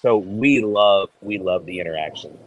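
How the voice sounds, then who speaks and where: A man co-hosting a sports podcast, chatty and quick to laugh. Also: low voice, highs cut off. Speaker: podcast co-host. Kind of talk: casual sports chat.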